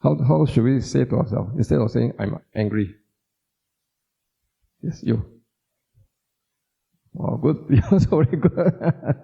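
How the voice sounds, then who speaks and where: With a mid-range, husky, mellow voice and lively intonation, a doctor talks informally about Buddhism, speaking a little slowly with a creak and frequent pauses. He repeats words for emphasis and questions the audience. The sound quality is dull and lo-fi.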